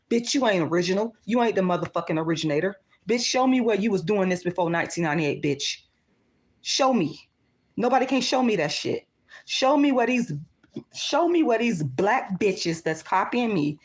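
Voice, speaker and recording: A middle-aged woman hosting her livestream, ranting in a profane, repetitive way and greeting viewers. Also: fairly low pitch. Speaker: livestream host.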